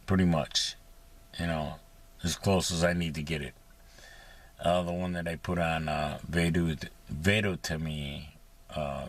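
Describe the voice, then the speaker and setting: A man rambling in a casual monologue from inside his parked vehicle, profane and sarcastic, with many fillers. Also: deep voice. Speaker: vlogger.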